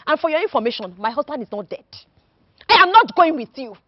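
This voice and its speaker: A woman's voice: sits high, sing-song, fast, no room sound. An actress with a Nigerian accent playing a fiercely loyal wife who scolds and defends her husband. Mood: angry. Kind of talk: film acting. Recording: dull, dry film audio.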